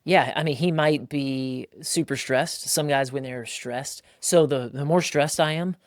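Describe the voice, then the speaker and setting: A man's voice: mid-range voice, measured pace, no room sound, studio quality. A man in his thirties hosting a casual podcast chat, telling stories with lots of acted-out quotes and casual slang. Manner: animated storytelling, acting out quotes, frequent "like" and "bro". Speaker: podcast host.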